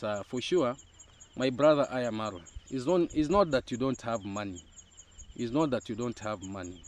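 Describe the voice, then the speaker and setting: Young Kenyan man with a Kenyan accent, mid-pitched, emphatic online commentator who circles back to repeat his points. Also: darkish tone. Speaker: YouTube commentator. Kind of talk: casual commentary monologue.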